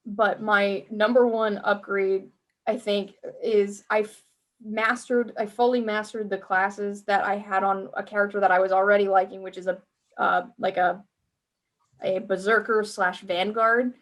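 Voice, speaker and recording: A woman's voice: medium pitch, steady tone, measured pace, a bit bright. A woman co-hosting a podcast in casual gaming chat, chatty, swearing freely and acting out her own reactions as she talks. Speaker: podcast co-host.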